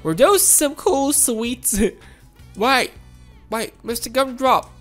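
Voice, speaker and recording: High, excitable woman gaming. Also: slow pace, faint music behind. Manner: excitable, exclamatory, giggly. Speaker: gaming channel host. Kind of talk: playthrough commentary.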